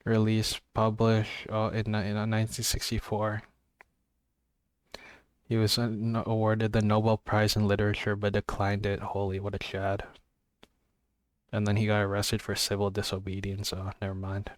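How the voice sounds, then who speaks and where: A man's voice: lowish voice, monotone, moderate pace, dry recording. A young man reading book blurbs aloud in a casual vlog, with offhand jokey asides and stumbles over words. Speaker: book vlogger.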